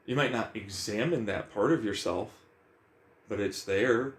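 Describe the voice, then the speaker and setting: A man's voice: lowish voice, measured pace. A man talking bluntly about emotions in a casual, profane monologue, firing questions at himself.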